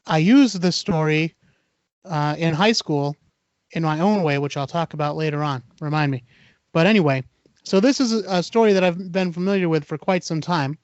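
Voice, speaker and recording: A podcast host with a fairly high male voice retells an urban legend casually, full of fillers and acting out the dialogue in an animated way. The recording is dry with no room sound and has a lo-fi quality.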